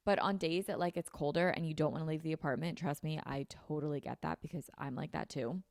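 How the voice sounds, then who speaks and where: A woman's voice: low-pitched, steady tone, fast, creaky, a little mellow, dry recording, studio quality. A young woman hosting a solo podcast, talking casually and upbeat with lots of fillers. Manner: chatty, filler-heavy, upbeat self-help talk. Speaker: podcast host. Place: her apartment.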